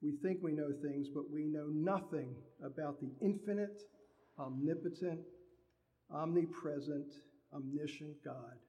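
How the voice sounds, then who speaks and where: Male preacher, conversational sermon delivery, dark mellow tone, long hall reverb. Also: on the high side, measured pace. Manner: conversational preaching, acts out everyday dialogue.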